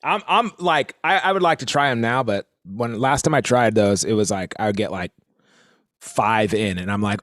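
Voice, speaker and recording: A man's voice: on the low side, moderate pace, no room sound, studio quality. A man hosting a live drum workout stream, counting off exercises and coaching casually. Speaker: drum instructor and stream host. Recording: loud drumming in the background.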